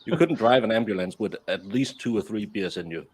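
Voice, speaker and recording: A man's voice: on the low side, lively intonation, fairly quick, slightly rough. A middle-aged Danish man, a baker, telling anecdotes in casual chat, with frequent restarts and a Danish first language. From Denmark. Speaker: guest, baker.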